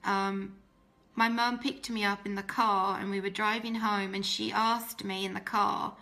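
Woman, faith testimony, earnest, emotional, restarts sentences, bright and forceful voice. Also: medium pitch, little pitch movement, measured pace, vocal fry. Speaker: testimony speaker.

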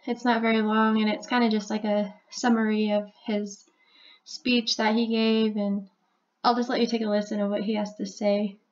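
Flat-voiced woman explaining a theory. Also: mid-range voice, moderate pace, dull audio. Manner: even, chatty, with frequent "like" and "so". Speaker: video host explaining number codes. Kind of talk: casual explanatory voice-over.

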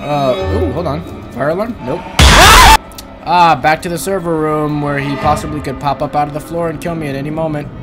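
A man giving excitable gameplay commentary, teasing the game's monster, then breaking into yells and shrieks. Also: on the high side, brisk. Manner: excitable, jumps to yelling and shrieks, teasing chatter. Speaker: gaming channel host. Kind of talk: let's-play gameplay commentary. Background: game music.

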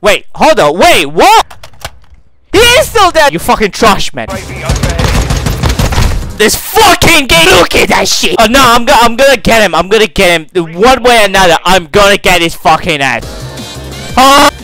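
A young man giving swearing, ranting gameplay commentary with loud outbursts. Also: very high-pitched, big pitch swings, measured pace, long pauses, soft background music. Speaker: gaming YouTuber.

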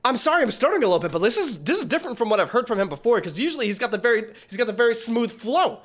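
A man hosting a reaction video in casual commentary, excitable and rambling, often stumbling over his words. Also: extremely high pitch, rapid-fire.

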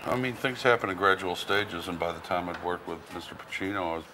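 A man in his forties, an actor being interviewed, talking in a low-key, wry and self-mocking way. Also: fast talker, background noise. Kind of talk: casual interview chat. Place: in a pub. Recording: crowded pub in the background.

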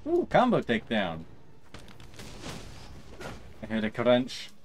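A man streaming a video game, talking slowly and patiently and chatting softly to his pet duck. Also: medium pitch, wildly swooping pitch, a little hiss or hum. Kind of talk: casual live game stream chat.

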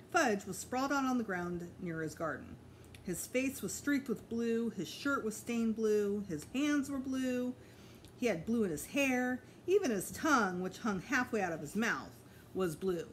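A teacher reading a children's chapter book aloud in an expressive storytelling manner. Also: female voice, medium pitch, slight background noise. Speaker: elementary school teacher.

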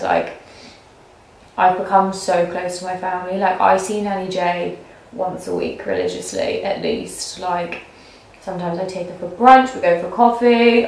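A woman's voice: fairly low pitch, a little hiss or hum. A young woman vlogging to a camera she points at herself in her apartment, rambling and chatty with many fillers. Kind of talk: casual talk to camera. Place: indoors in an apartment being packed up. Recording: roomy echo.

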